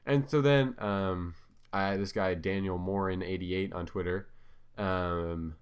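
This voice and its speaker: A man's voice: low voice, takes it slowly, clear, resonant tone. A man giving casual commentary over his own clips, talking hesitantly with many ums and restarts. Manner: filler-heavy, hesitant, self-correcting.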